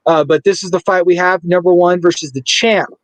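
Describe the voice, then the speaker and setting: A man's voice: high-pitched, steady tone, a little fast, no echo, rough recording. A man co-hosting a podcast, chatting casually and playfully, sometimes stumbling over names. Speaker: podcast co-host. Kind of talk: casual sports chat.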